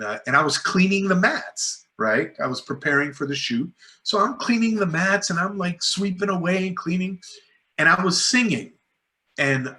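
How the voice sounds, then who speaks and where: A middle-aged man, a filmmaker guest, telling lively anecdotes in a casual interview and acting out what people said, with many "like"s and "you know"s. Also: medium pitch.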